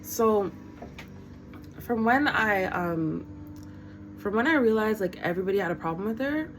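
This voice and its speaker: Mulher contando história, direta e animada. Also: female voice, medium pitch, unhurried, slight background noise, poor audio. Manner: animated and blunt, swears freely, quotes others. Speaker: vlogger. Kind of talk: casual storytime.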